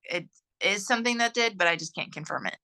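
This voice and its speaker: A woman answering interview questions about her missing brother, hesitant and halting with many fillers. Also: medium pitch, lively intonation, sharp tone, low-quality recording. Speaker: interviewee, sibling of a missing man. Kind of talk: recorded interview.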